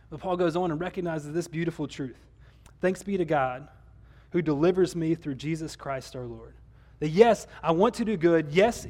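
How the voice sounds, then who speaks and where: A man's voice: high voice, a little mellow. A man pastor preaching a conversational sermon, with some restarts along the way.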